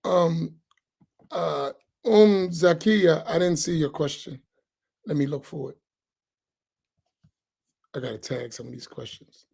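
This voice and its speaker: Sarcastic gravelly man preaching. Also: a little high, slow pace, long pauses, a little mellow. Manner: sarcastic, rhetorical questioning. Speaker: imam teaching a class. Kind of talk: heated religious lesson, argumentative.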